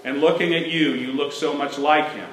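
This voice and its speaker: A sorrowful elderly mother , put on by a man from the pulpit, speaks softly and low. Her hushed, pleading voice carries the room's echo. She sounds tearful and wistful, as if close to crying. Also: steady tone, moderate pace, a little hiss or hum, close to an everyday voice. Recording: echoey church sanctuary.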